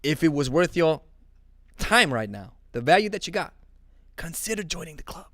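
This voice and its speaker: A man's voice: on the high side, very animated, moderate pace, fairly bright tone, dry recording, clean studio sound. Joking man reading a live chat aloud. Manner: joking, laughs often, repeats himself. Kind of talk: casual live-stream chat.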